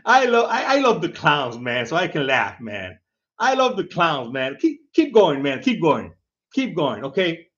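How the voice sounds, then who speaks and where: A man with a high, lively voice that swings all over as he taunts and ribs someone to camera. He laughs a lot, repeats phrases and tags "man" onto everything. The sound is dull and lo-fi. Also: a little slow. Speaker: video host. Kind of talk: casual mocking rant to camera.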